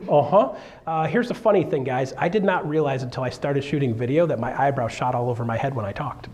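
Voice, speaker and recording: A man coaching a live seminar audience in an animated, jokey way, acting out quotes in a raised voice. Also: medium pitch, fast talker. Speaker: real estate coach. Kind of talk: energetic seminar talk.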